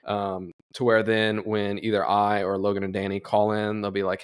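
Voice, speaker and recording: A man's voice: on the low side, level tone, normal speed, clean tone. A young man co-hosting a podcast, chatting casually and acting out phone calls with his clients as he tells stories. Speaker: podcast co-host.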